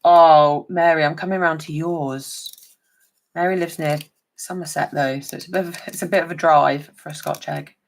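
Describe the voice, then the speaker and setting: Gravelly-voiced woman chatting while crafting. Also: sits low, steady tone, normal speed. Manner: chatty, talks to viewers by name while working. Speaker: papercraft demonstrator. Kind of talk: chatty live craft stream.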